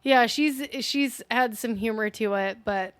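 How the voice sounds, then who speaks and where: A woman's voice: a little high, unhurried, smooth, no echo. Chatty woman recapping a film. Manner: rambling, swears freely, many fillers. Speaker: movie review co-host. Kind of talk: casual chat recapping a film.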